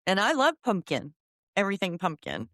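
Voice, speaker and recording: A woman's voice: mid-range voice, huge pitch swings, a little fast, fairly bright tone, no echo, studio quality. A woman co-hosting a podcast, chatting bluntly and frankly about a reality show. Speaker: podcast co-host. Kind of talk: casual recap chat.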